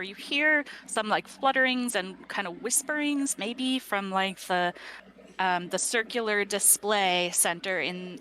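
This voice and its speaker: A woman's voice: mid-range voice, pushed and bright, slight background noise. A woman narrating a tabletop game as game master, rambling with many fillers.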